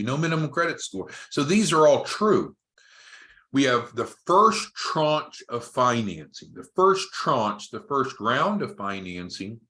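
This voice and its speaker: A man's voice: mid-range voice, a bit bright. Emphatic male business trainer. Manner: emphatic, repeats key phrases, frequent restarts. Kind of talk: recorded training talk.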